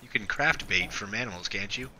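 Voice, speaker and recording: A man gaming online with a friend over a headset, swearing and bickering. His voice sits on the low side. He is quick to push back when his friend complains. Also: crowd noise. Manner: defensive, swears, quick to argue. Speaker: co-streamer. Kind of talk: casual gaming chat.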